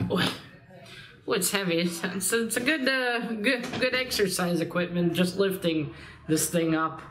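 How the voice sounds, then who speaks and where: A woman's voice: on the low side, expressive, moderate pace, a bit bright. A young adult woman chatting casually in a reading vlog, rambling and swearing lightly, with a slight cold. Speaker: book vlogger.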